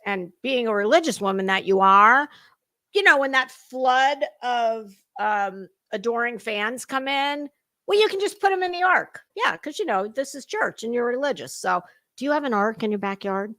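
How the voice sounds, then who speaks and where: A middle-aged woman hosts a sarcastic reaction commentary, mocking and swearing as she drops into put-on voices. Her voice sits a little high with lively intonation, a fairly bright tone, and a moderate pace, captured in a clean studio with no room sound.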